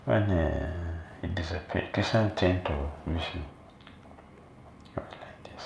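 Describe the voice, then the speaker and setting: A man monk giving a sermon as an animated storyteller, recorded in a temple hall. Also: sits low, unhurried, gravelly, long pauses. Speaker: monk preacher. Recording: echoey room, faint noise.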